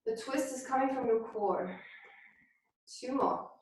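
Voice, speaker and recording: A woman teaching a beginners yoga class, calmly cueing poses and breathing, somewhat out of breath. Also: sits high, a little slow, slight background noise. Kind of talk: guided yoga class instruction. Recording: very echoey room, voice from far off.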